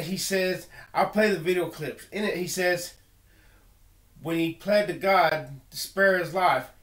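A man's voice: a little high, a bit bright, roomy sound. A man giving an earnest personal monologue, emphatic and full of repeated words and restarts. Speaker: video blogger.

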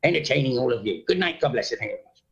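A man's voice: mid-range voice, lively intonation, racing, highs cut off. A man doing an impression of a grumpy, profane, forgetful elderly male movie star, over a video call. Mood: announcing. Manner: gruff, swearing outbursts.

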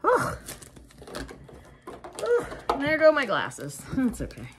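A woman's voice: high-pitched, wildly swooping pitch, slow, noisy background. A woman craft vlogger giving casual unboxing commentary, gushing with exclamations and chatty asides to her viewers.

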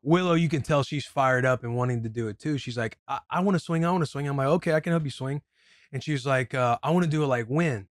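A man's voice: mid-range voice, no room sound, studio quality. Easygoing man co-hosting a podcast. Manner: easygoing storyteller, quick agreeing interjections. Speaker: podcast co-host. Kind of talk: casual chat.

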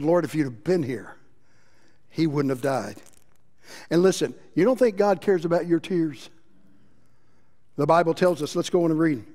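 A man preaching a sermon as pastor, impassioned, moving between loud emphasis and quiet passages. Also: on the high side. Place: church sanctuary. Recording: long reverb of a church hall.

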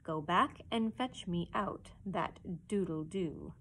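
A woman voicing a theatrical, menacing grown male pirate captain who booms, sings and threatens silkily in a storybook reading. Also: expressive, moderate pace, breathy edge. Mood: silky menace. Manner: booming, sing-song, silkily threatening.

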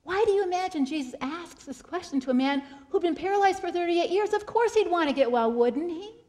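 Delivering a faith-based motivational keynote, a woman with a light, high voice speaks expressively. To land a point she often slows down and softens into a quiet voice, and she repeats her key phrases so they sink in.

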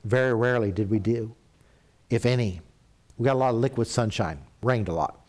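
A middle-aged man from Canada delivering a church sermon in a mid-pitched voice. He tells stories with animated jumps in pitch, then drops to a hushed, reverent tone. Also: fairly quick. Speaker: pastor.

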